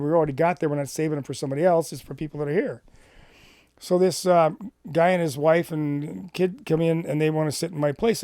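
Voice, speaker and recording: A middle-aged man from Washington State telling a personal ministry story in an animated way, acting out the dialogue. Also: on the high side, vocal fry, no room sound, studio quality. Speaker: Christian ministry speaker.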